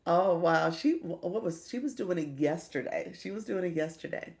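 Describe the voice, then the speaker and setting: A woman's voice: lowish voice, lively intonation, moderate pace, vocal fry, darkish tone. A middle-aged woman coaching during a casual live stream, chatty, greeting viewers by name and laughing often. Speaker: livestream coach.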